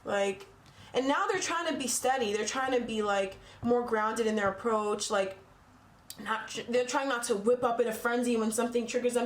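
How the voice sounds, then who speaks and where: A woman's voice: fairly high pitch, normal speed, reverberant. A woman doing a casual tarot reading for her channel, talking bluntly and swearing freely as she gets heated. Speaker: tarot reader.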